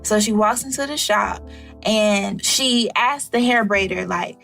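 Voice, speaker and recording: A young adult woman co-hosting a podcast, telling stories in a casual, animated way and acting out the people she quotes. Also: medium pitch, a little slow, gravelly, soft background music. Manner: animated, acts out quoted voices with laughter. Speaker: podcast co-host. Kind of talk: casual storytelling chat.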